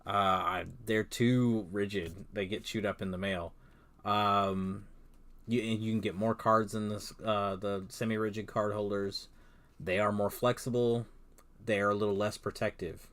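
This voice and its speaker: A man chatting casually on a livestream while he sorts cards, rambling with many pauses and restarts. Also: on the low side, steady tone, a bit bright. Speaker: card-business streamer.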